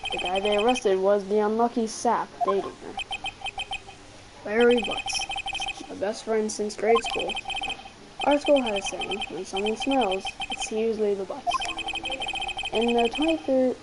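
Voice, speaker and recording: A woman reading the lines of a young male rookie defense lawyer in her own voice, over loud game music. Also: mid-range voice, moderate pace, heavy background noise, close to an everyday voice. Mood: narrating.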